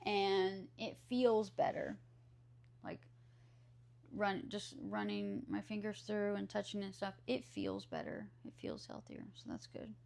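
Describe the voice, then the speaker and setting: A woman's voice: medium pitch, big pitch swings, a little slow, gravelly, a little mellow. A woman with a Southern US accent, chatting casually with her live stream viewers and answering their questions aloud.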